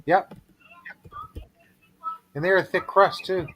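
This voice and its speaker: A man in a casual chat, chiming in with short agreeing remarks and quick questions. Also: high-pitched, fairly even intonation, fairly bright tone, dry recording, low-quality recording.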